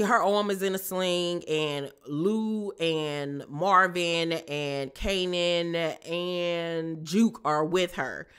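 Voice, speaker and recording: A bright, forceful voice runs through a casual recap of a TV episode with plenty of sass. The host drops in slangy asides to viewers and pins down each story turn. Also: mid-range voice.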